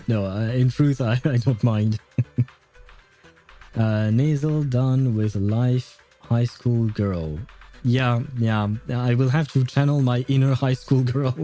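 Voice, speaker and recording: A male streamer chatting casually over gameplay. His voice is very dark and mellow. He rambles, corrects himself mid-sentence and laughs often. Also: medium pitch.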